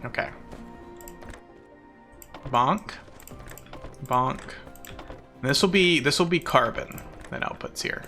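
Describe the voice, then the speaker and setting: A man's voice: medium pitch, slow pace, long pauses, bright, forceful tone, soft background music. A man streaming a game live, chatting playfully with mock-boastful bragging and frequent laughter. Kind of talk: casual live-stream commentary while playing.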